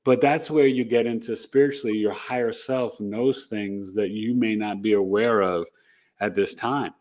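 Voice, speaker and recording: A middle-aged man, an astrologer, tells a personal story as an interview guest, animated and rambling, with lots of "you know" and "right?". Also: on the low side, normal speed. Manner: animated, re-enacts dialogue in the telling.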